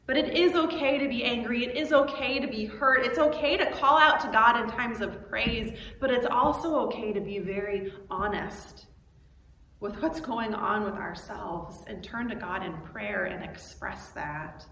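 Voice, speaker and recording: A woman pastor giving a sermon and reading scripture aloud with earnest, expressive emphasis. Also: fairly high pitch, moderate pace. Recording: echoey hall with long reverb, background noise.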